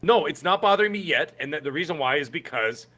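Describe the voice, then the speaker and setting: Podcast guy going on and on, bright voice, a bit high, lots of restarts. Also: animated, fast. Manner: emphatic, rambling, with many restarts. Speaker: podcast co-host. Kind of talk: casual podcast chat.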